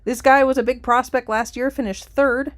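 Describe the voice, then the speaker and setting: Woman race caller, kinda high voice, rattles off the field fast then chats between races. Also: steady tone, noisy background. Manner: rapid running call of horse positions; chatty, jokes between races. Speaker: race caller and show host. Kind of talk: horse race commentary.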